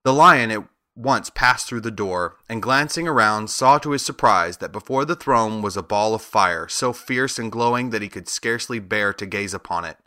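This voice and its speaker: A man narrating a children's storybook as an audiobook, in a steady, even storytelling manner. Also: on the low side, normal speed, few pauses, no echo, studio quality.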